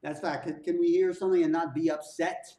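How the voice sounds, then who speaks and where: A man hosting a music reaction, excitedly repeating lyrics back and exclaiming. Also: a little high, fast, echoey room, recorded from a distance. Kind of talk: casual reaction commentary.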